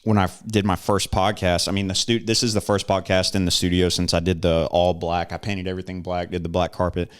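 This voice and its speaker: A Texan man hosts a casual podcast from a home studio, his voice low and deep. The tone is smooth and resonant, and he talks in a relaxed, chatty way, slipping into playful impressions now and then. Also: fairly quick, hardly any pauses. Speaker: podcast host.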